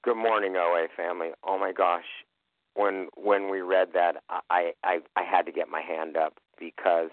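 A man with a very low voice tells his own story in an emotional, candid way. The sound is dry and tinny, as if it came over a phone line. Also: fairly even intonation, moderate pace, dry recording. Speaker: meeting member sharing. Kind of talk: personal recovery share. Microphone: phone call.

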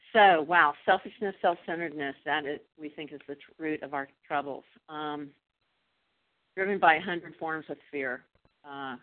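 A woman from Northern California sharing candidly at a recovery meeting, halting often with ums. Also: low-pitched. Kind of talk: personal share at a recovery meeting. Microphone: phone call. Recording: tinny phone line.

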